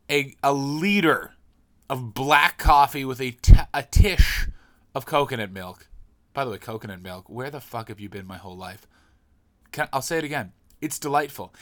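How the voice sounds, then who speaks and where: A man's voice: medium pitch, no room sound. A man, a comedian, telling a story in a casual monologue, swearing freely and ranting. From Canada. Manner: profane, ranting, quick shifts in loudness.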